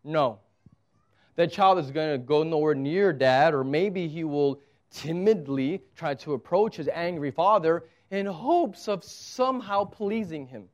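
A man's voice: fairly high pitch, unhurried. A man preaching a sermon as pastor, conversational and emphatic, with touches of humor.

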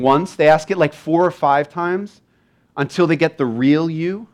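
Animated male pastor preaching conversationally. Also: high-pitched, moderate pace. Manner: conversational, animated, acts out little dialogues. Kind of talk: sermon.

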